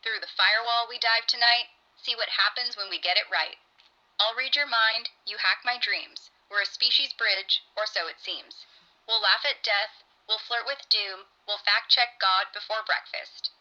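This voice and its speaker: A woman's voice: a little high, a little slow, pushed and bright, muffled recording. A woman voicing a playful, quippy AI chatbot that sings rhymes and makes beeping sounds. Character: witty female AI chatbot voice. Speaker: AI assistant.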